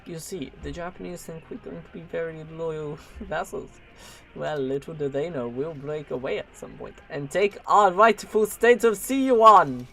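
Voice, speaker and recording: A man's voice: a little high, a little fast, vocal fry, hardly any pauses, recorded from a distance, a little hiss or hum, poor audio. A man putting on a pompous state leader. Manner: grand, speechifying put-on accent. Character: pompous male state leader addressing comrades.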